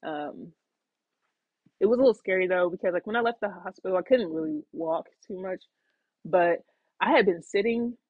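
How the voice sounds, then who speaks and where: Woman host, loose chatty monologue full of fillers and restarts; breathy tone, close and dull. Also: medium pitch, moderate pace, pauses often, dry recording. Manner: rambling, frequent fillers and restarts, acts out quotes. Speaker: podcast host. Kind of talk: casual storytelling monologue.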